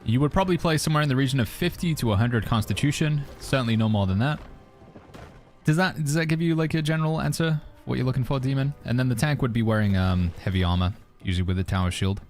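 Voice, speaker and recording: A man's voice: medium pitch, fast talker, a little mellow. A man streaming a game, chatting casually and answering viewer questions as he plays. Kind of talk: casual gaming commentary. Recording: faint music behind.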